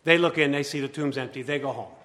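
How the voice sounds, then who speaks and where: A male pastor preaching a sermon, swinging between loud urgency and hushed, quiet passages. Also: mid-range voice, fast. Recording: long hall reverb.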